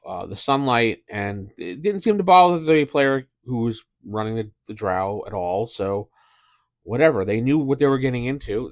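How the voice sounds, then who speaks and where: Man, low voice, middle-aged, dungeon master host, rambling, halting, fillers, dry close sound. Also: no room sound. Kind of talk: casual talk to camera about tabletop gaming.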